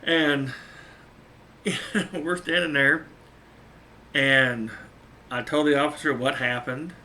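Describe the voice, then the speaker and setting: A man's voice: medium pitch, fairly even intonation, takes it slowly, pushed and bright. A man who drives a truck, telling a story casually, chuckling often and repeating his points for emphasis.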